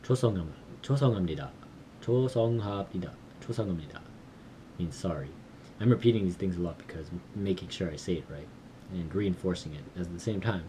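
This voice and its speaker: A man recording a casual study vlog, slowly sounding out and repeating words he is learning, with small self-deprecating laughs. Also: deep voice, background noise. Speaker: language learner vlogger.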